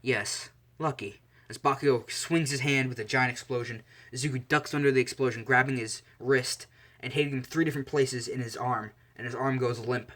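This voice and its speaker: Bright-voiced casual male storyteller. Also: mid-range voice, steady tone, fairly quick. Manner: rambling, self-correcting with fillers. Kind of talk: casual fan-fiction narration.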